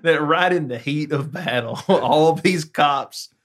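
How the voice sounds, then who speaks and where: A man co-hosting a casual podcast, dropping quick jokey asides and giggling. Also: a little high. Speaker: podcast co-host. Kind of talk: casual chat.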